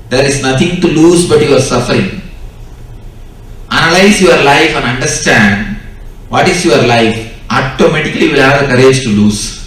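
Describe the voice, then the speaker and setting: A man's voice: mid-range voice, fairly bright tone, a little hiss or hum. A young man with an Indian English accent giving a spiritual discourse, telling stories and repeating his key lines for emphasis. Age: 20s. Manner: repetitive, emphatic storytelling. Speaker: spiritual teacher. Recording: echoey distant hall recording.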